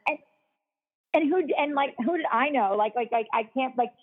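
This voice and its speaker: A woman's voice: high voice, normal speed. A woman telling a long personal story in a casual chat, peppering her speech with "like" and laughing often. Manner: chatty, heavy use of "like" fillers, laughs often. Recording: tinny phone-like sound.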